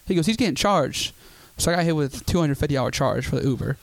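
A man's voice: medium pitch, rapid-fire, gravelly, darkish tone, no echo. A young man telling a story in casual chat, swearing freely and acting out quotes.

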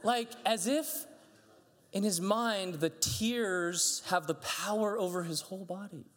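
Male pastor, high voice, casual sermon, animated storytelling, long reverb of a church hall. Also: takes it slowly. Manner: chatty, animated storytelling with frequent restarts. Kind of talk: conversational sermon.

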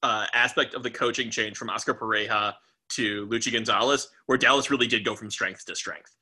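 A man's voice: lowish voice, steady tone, a little fast, pushed and bright, slightly rough. A man co-hosting a sports podcast, laid-back and joking in casual chat. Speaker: podcast co-host.

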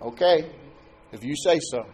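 A man's voice: fairly high pitch, lively intonation, measured pace, darkish tone. A man preaching a sermon as pastor, talking to his congregation in a conversational way and asking them questions.

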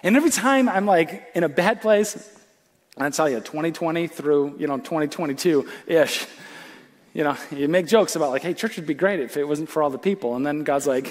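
A male pastor preaching a sermon in an animated, conversational way, full of casual fillers. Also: on the high side, normal speed, pauses often. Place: church auditorium.

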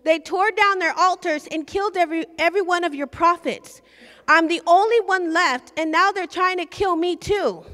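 Impassioned high-voiced woman preacher. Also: normal speed, sharp tone. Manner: impassioned, acts out prayers and scripture quotes. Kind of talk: sermon. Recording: long hall reverb.

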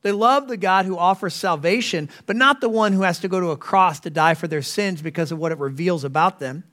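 High-voiced man preaching a sermon. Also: brisk, fairly bright tone. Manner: earnest preaching with rhetorical questions. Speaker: pastor.

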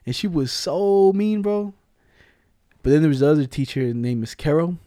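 A young man tells school stories in a loose, slangy way, laughing often. His voice is mellow and dark. The sound is dry and close. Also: a little high, lively intonation, moderate pace, dry recording. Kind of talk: casual chat.

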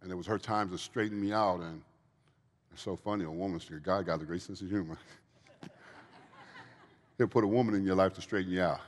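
Low-voiced earnest man preaching recovery. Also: a little fast, long pauses, slight background noise. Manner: earnest, preachy, repeats phrases. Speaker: guest speaker in recovery. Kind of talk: testimony Q&A at a church event. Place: church event hall. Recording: long reverb of a large hall.

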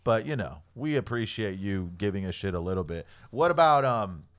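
A man's voice: on the low side, animated, moderate pace. A man hosting a podcast, asking a guest questions in loose, casual talk with some swearing. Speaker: podcast host. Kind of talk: casual interview chat.

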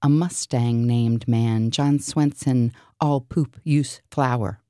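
Deep-voiced woman, deadpan surreal list reading, slow and mellow, dry close sound. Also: no room sound. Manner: deadpan, absurd, listing. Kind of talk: surreal spoken word list.

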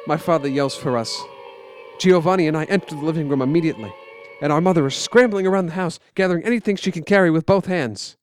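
A man telling a story in quiet, measured, scripted narration. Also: fairly high pitch, faint music behind.

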